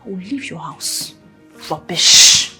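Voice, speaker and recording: An actress with a Nigerian accent playing a defiant, sharp-tongued young wife, given to mocking and dramatic outbursts in a film drama. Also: female voice, fairly low pitch, animated, slow, over loud music. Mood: indignant.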